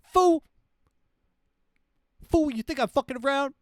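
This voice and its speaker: A man putting on a yelling profane president. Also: extremely high pitch, measured pace, dry recording, clean studio sound, pitched above the performer's own voice. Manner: yelling, cursing, aggressive. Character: loud profane male future president.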